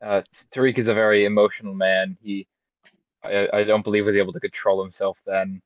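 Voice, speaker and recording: A man speaking in character as a tabletop player, measured and formal. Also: on the low side, flat delivery, no echo, highs cut off. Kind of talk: in-character speech in a tabletop game.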